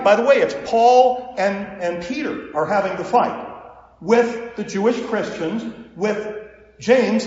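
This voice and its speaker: A man preaching a sermon as pastor, telling the story with acted dialogue and lively asides, recorded in a church sanctuary. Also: high voice. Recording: echoey hall, dull lo-fi sound.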